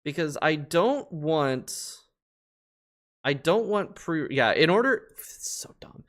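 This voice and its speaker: A man streaming a space game, talking casually over his play, swearing a lot and getting loudly frustrated. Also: fairly high pitch, animated, takes it slowly. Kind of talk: casual live-stream gameplay commentary.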